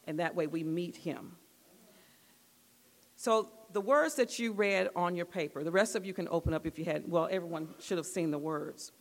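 A woman's voice: on the low side, moderate pace. A woman leading a church group through an exercise and a devotional talk, patient and repeating her instructions. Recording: long echoey hall reverb.

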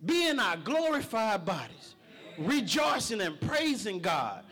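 A middle-aged man preaching a sermon in church, shouting for emphasis and telling humorous stories about his own life. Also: high-pitched, very animated, a little slow, soft background music.

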